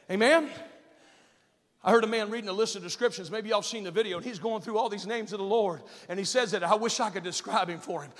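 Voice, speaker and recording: A man preaching a sermon as pastor, emphatic and rising to shouts on key phrases, then dropping to soft asides, in a church sanctuary. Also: high-pitched. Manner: drops to soft, hushed asides. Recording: long hall reverb.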